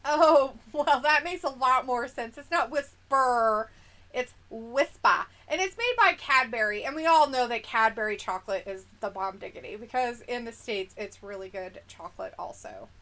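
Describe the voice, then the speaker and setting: A woman hosting giggly bright-voiced chatter. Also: a little high, moderate pace, hardly any pauses. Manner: giggly, playful, reads viewer comments aloud. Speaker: livestream host reading chat. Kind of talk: casual chat.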